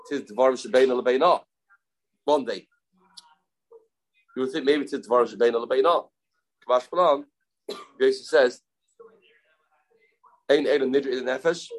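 A man teaching a Talmud lesson, halting and repeating phrases, mixing English with Hebrew and Aramaic terms. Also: medium pitch, rough recording. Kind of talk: Talmud study class.

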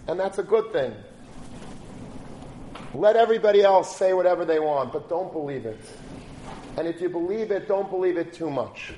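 Male preacher, story-driven sermon, slightly high voice, roomy recording with faint background. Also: moderate pace, a little hiss or hum. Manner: animated storytelling, rising to forceful exhortation.

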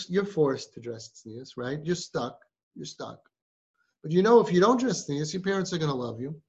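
In a muffled recording, a parenting guide speaks live to a group of sister siblings, peppering them with rhetorical questions. He is a man with a slightly high, husky voice.

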